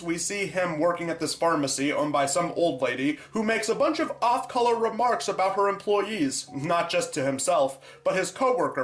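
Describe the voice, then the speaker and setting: A man narrating a comedic film review in a sarcastic, deadpan way. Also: high-pitched. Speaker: movie reviewer. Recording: echoey room with faint music.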